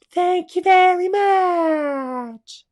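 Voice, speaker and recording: A big-mouthed mother frog bellows each greeting in a shrill, very high shout, as a man puts her on. She is loud and beaming, her voice thrown from off the mic like a storybook critter that cannot talk quietly. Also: extremely slow, exaggerated voice. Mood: loud cheerful.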